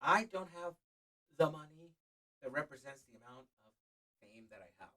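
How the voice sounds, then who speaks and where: Young comedian guy swearing a lot telling family stories, highish bright voice, kinda off mic. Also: moderate pace, recorded from a distance, rough recording. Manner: profane, animated storyteller. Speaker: stand-up comedian guest. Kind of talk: casual podcast chat.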